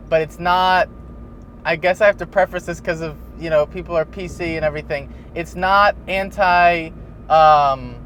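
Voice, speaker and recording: A man's voice: a little high, fairly bright tone, slight background noise. A man hosting a podcast in casual chat, rambling and laughing often as he tells a story. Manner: rambling, laughs often while telling stories. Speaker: podcast host.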